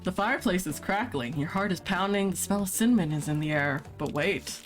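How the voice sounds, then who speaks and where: A woman's voice: on the low side, brisk. A young woman streaming a dating game, reading the narration aloud in a playful, giggly way with joking asides. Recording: faint game music behind.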